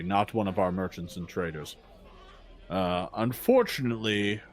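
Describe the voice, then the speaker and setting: A man's voice: on the low side, pitched below the performer's own voice. Orc guard, male, uneasy, stiff and formal, put on by a game master. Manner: stiff, old-fashioned formal speech.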